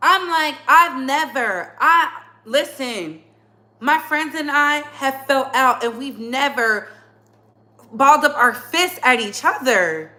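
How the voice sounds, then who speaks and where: A woman with a high, bright voice delivers a heated commentary monologue. She speaks bluntly and hammers her points home by repeating phrases. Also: lively intonation, slow pace. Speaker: commentary channel host.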